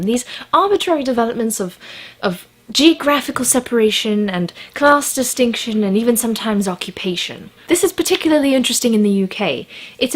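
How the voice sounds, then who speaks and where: An American woman vlogging casually, talking in a put-on posh British accent. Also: a little high. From United States. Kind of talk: casual educational vlog. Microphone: USB microphone.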